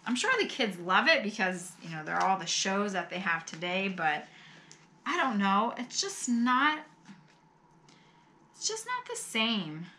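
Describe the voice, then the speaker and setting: A middle-aged woman chatting casually as she opens fan mail at home, gushing and exclaiming, with soft sighs and laughs. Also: medium pitch, big pitch swings, unhurried, slight background noise. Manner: often sighs and laughs softly. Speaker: vlogger opening fan mail. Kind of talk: casual chat.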